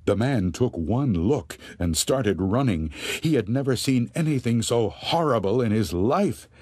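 A man narrates spooky tales at an unhurried, suspenseful pace, with lots of rise and fall in his voice. His tone is slightly husky. The recording is dry and close to the mic. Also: medium pitch, dry recording. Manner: slow, suspenseful, expressive telling. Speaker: audiobook narrator. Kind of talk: scripted storytelling narration.

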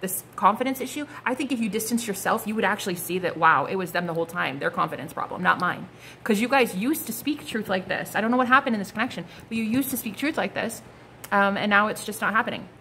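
A young woman giving a casual tarot reading to her viewers, blunt and animated, swearing freely as she calls things out. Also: medium pitch, quick pace, a little hiss or hum. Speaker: psychic tarot reader.

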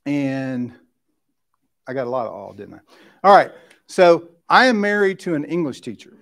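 A man's voice: fairly high pitch, sing-song, moderate pace, fairly bright tone. A middle-aged man from West Tennessee teaches a conversational Bible study, often asking "right?" and restarting his sentences. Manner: informal, keeps asking "right?", restarts and checks in with the class. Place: church classroom.

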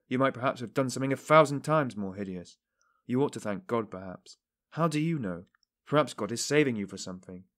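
An earnest middle-aged investigator, read by a man, presses and pleads with a suspect, fervent and preachy. The voice sits in a mid range and often lifts higher and louder as he urges. It is audiobook narration. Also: close to an everyday voice.

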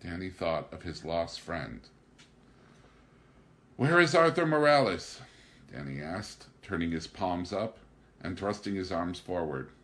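A man reading a novel aloud as an audiobook narrator, narrating evenly and lifting his voice for the dialogue. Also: unhurried. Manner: raises pitch and volume for dialogue, narrates evenly. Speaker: audiobook reader. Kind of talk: scripted narration.

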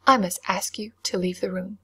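A woman voicing a stern, composed headmistress in a whispered role-play reading, quiet and severe. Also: mid-range voice, fairly even intonation, moderate pace, breathy edge.

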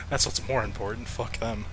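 A man giving casual, profane let's-play commentary with frequent laughs. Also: medium pitch. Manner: swearing, laughing, unhurried. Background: game music.

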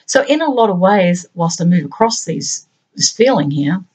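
A middle-aged woman hosting her own channel, musing aloud in a reflective monologue of short, halting phrases. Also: on the low side, big pitch swings, a little mellow, slightly rough. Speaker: channel host.

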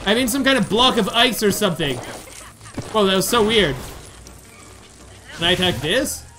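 A man giving chatty, excitable commentary over his own video game playthrough. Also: sits high, normal speed. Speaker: gamer doing a playthrough. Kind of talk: casual let's-play commentary. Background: game music.

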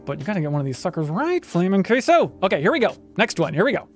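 High-voiced upbeat male trivia host. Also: big pitch swings, fast talker, faint music behind. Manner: upbeat, announcer-like reveals of answers. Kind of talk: livestream game show hosting.

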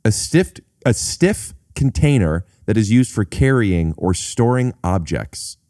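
Deep, deadpan male podcast host. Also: measured pace, no echo, clean studio sound. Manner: deadpan, pedantic questioner. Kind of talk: casual chat, interviewing.

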